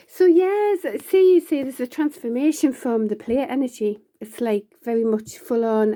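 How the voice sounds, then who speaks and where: A woman's voice: fairly high pitch, moderate pace, warm tone. A woman giving a casual, rambling tarot reading, full of fillers and restarts. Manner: laughs often between lines. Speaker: tarot reader.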